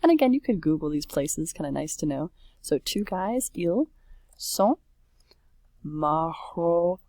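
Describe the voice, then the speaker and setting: A woman with a lowish voice walks through a French worksheet in a relaxed, chatty way. She catches her own slips as she goes. The sound is close and dry, with no room around it. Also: moderate pace, vocal fry, no room sound. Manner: chatty, self-correcting, says oops often. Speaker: French teacher. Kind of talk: casual worksheet walkthrough.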